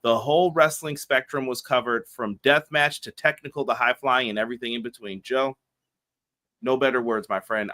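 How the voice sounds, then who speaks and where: A man co-hosting a wrestling podcast, reading viewer shout-outs in a hyped, rushed way. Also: mid-range voice. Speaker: podcast co-host. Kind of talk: casual podcast chat.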